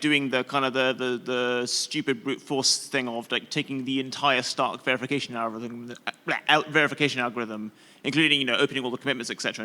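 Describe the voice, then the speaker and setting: A sleep-deprived man in the audience asking a technical question, rambling and halting with many fillers and restarts. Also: mid-range voice, pushed and bright. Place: conference hall. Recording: long hall reverb.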